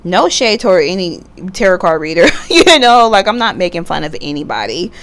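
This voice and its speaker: A woman's voice: fairly low pitch, sing-song, a little fast, fairly bright tone. A woman giving a casual tarot reading at home, chatty and blunt, swearing freely and laughing often. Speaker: tarot reader. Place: at home, sitting back in a computer chair.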